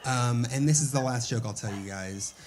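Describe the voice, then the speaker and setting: A man's voice: medium pitch, normal speed, crowd noise. A young male comedian doing stand-up on a stage, in a loose, rambling, offhand way.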